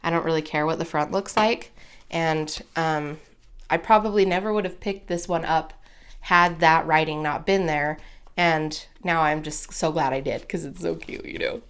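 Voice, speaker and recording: A woman's voice: low voice, steady tone, moderate pace, fairly bright tone, clean tone. A woman hosting a casual crafting tutorial, chatty and gushing, easily moved by what she shows. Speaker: crafting video host.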